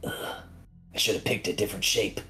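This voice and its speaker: A man's voice: on the low side, steady tone, brisk, bright, forceful tone, rough recording. A man voicing a sly male imp, a devil's servant who speaks with slick politeness. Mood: rueful. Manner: smooth, slyly polite.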